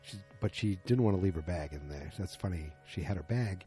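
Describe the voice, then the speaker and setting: A man's voice: low-pitched, fairly quick, warm tone, faint music behind. A man casually recapping a TV episode, rambling loosely with lots of fillers and quoted lines.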